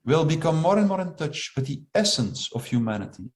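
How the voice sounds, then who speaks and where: Man, fairly high voice, slow deliberate speaker who leans on key phrases. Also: big pitch swings. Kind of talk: reflective monologue.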